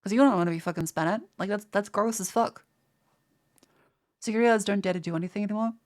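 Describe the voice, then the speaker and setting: A woman's voice: mid-range voice, fast talker, a little mellow. A young Australian woman streaming live, chatting casually and crudely in a rambling way, with frequent restarts as she answers viewers. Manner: profane, rambling, stammers and restarts.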